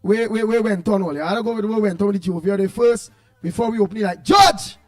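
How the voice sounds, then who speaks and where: Greeting listeners by name, a Trinidadian radio host rambles through his casual morning show. His voice sits high and is expressive, and he talks fast.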